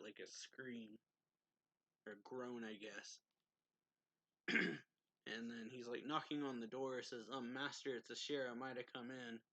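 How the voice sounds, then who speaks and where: A man's voice: mid-range voice, pushed and bright, no echo, poor audio. A man casually retelling a manga chapter as a reviewer, with frequent laughs and "he's like" asides. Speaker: anime reviewer.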